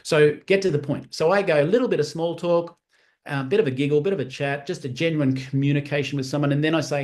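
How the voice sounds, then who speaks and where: A man's voice: a little high, quick pace. Upbeat man coaching sales calls. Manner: energetic, acts out phone calls in character voices. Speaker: network marketing trainer. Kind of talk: live-streamed training talk. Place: room on a live stream with screens.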